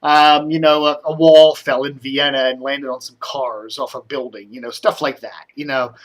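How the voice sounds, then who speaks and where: A middle-aged man from the Washington DC area, talking casually to camera about the news, rambling with lots of fillers and getting animated when riled. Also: medium pitch, normal speed. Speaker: media commentary vlogger. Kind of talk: casual solo commentary.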